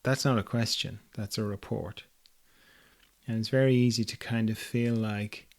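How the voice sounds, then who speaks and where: A man hosting a reflective spiritual talk, speaking gently and playfully and chuckling often. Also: lowish voice, fairly even intonation, normal speed. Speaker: host.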